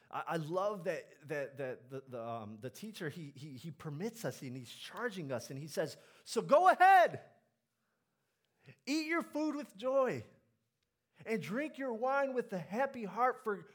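Guy pastor preaching, gets loud then drops real quiet and earnest, laughs with the room. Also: a little high. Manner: animated preaching, shifts between loud exhortation and quiet earnest asides. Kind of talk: sermon.

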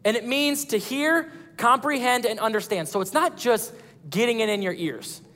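Guy pastor with a high voice preaching, animated, long church hall echo. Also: moderate pace. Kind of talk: sermon.

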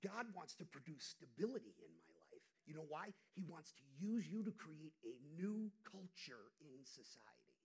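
A male pastor preaching an impassioned sermon, dropping to hushed asides and rising to loud outbursts. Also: a little high, big pitch swings, normal speed, hardly any pauses, slightly rough.

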